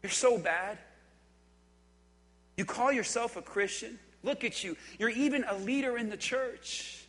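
Preacher voicing a taunting, scornful devil. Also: male voice, very high-pitched, measured pace, fairly bright tone. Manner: mocking, scornful, coaxing. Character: taunting accusing male devil voice. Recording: echoey hall.

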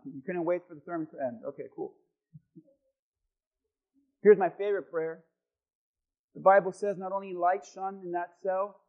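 Pastor, man, very high voice, fiery sermon with sudden drops to quiet, muffled lo-fi sound. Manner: swings from loud shouting to quiet asides. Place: church hall with congregation.

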